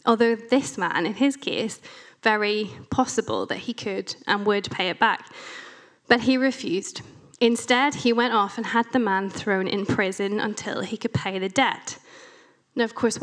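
A woman's voice: mid-range voice, a little slow. A woman preaching a sermon, reading scripture aloud and explaining it in a conversational way with wry asides.

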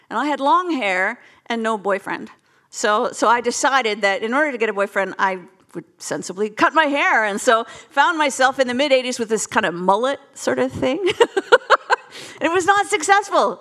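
A woman's voice: fairly high pitch, fairly bright tone. A woman, preaching a sermon in a self-deprecating, storytelling way.

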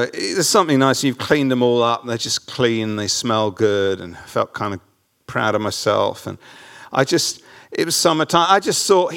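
A man's voice: medium pitch, vocal fry, fairly bright tone, clear, resonant tone. A man preaching a sermon to a church congregation, mixing funny self-deprecating family stories with his message. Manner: humorous, self-deprecating storytelling. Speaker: pastor. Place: church hall with audience.

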